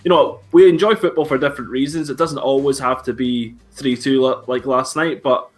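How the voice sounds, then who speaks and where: A man talks as a guest on a casual live-streamed football chat. He sounds upbeat, and his speech is halting and full of fillers and restarts. His pitch is ordinary. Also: steady tone. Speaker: guest pundit.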